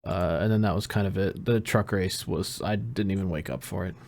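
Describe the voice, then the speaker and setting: A man co-hosting a podcast in casual chat, ranting and swearing with lively energy. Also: low-pitched, a little fast, gravelly. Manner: ranting, profane, animated. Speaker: podcast co-host.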